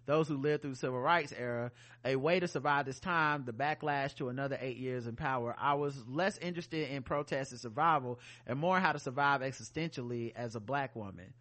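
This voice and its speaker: A man's voice: fairly high pitch, fairly bright tone. A man co-hosting a podcast, reading listener emails aloud with joking asides. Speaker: podcast co-host. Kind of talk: casual podcast chat reading listener mail.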